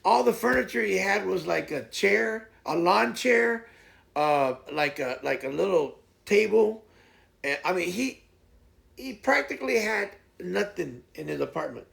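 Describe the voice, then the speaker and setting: Host, male, very gravelly fry, pitched a bit high, loose rambling storyteller. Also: animated, unhurried, fairly bright tone. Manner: rambling, folksy, retells stories with voiced quotes. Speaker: live streamer host. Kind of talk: casual morning chat and storytelling.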